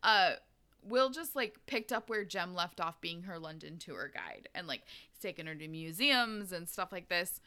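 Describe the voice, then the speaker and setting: A woman's voice: on the low side, sing-song, moderate pace, bright, forceful tone, clear, resonant tone. A woman hosting a casual chat about a book, talking loosely with lots of "like" and swearing. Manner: chatty, profane, filler-heavy, giggly. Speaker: podcast host recapping a book.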